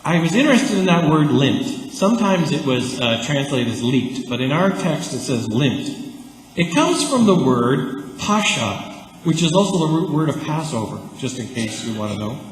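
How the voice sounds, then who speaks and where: A man from Canada preaching a sermon as pastor, conversational and animated, with lively asides. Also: a little high, moderate pace, a little hiss or hum. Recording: echoey church hall.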